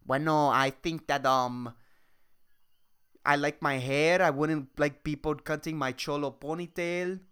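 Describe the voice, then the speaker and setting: A man voicing a hesitant male passerby with a deliberately bad Spanish accent. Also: a little high, fairly even intonation, a bit bright, clean tone, pitched below the performer's own voice. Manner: halting, unsure, filler-heavy.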